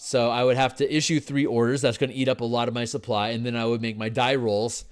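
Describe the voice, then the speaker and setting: A tired man working through game design on a livestream, thinking aloud with halting restarts and repeats. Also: medium pitch, flat delivery, clear, resonant tone. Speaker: game designer streaming his work.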